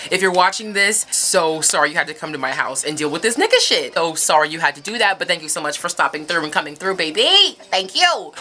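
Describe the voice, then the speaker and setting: Young woman vlogging a storytime, super animated, bright voice, cusses a lot, soft music under it. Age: young adult. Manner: animated, profane storytelling with sudden high yelps. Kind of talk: storytime vlog.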